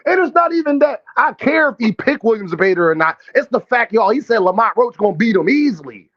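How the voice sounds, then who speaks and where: A brash male host with a high voice gives casual commentary on a boxing livestream, talking fast and expressively with few pauses. He trash-talks profanely, speaks directly to chat, and calls out viewers. The highs in the audio are cut off.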